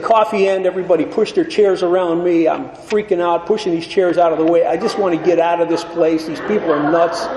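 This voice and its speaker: A man giving a wry, self-mocking storytelling share at a recovery meeting, acting out the dialogue as he goes. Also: high voice. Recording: echoey hall with faint ambience.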